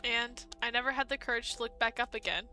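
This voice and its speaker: A woman narrating as a heartbroken young man in a dating game, soft and subdued. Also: on the high side, fairly even intonation, quick pace, soft background music.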